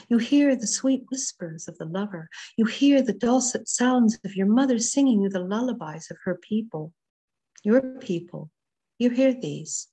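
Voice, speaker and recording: Woman, poetry reading, husky voice, slow measured delivery, video call. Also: mid-range voice. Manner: slow, measured, softly rising and falling reading. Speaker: poet reading her work.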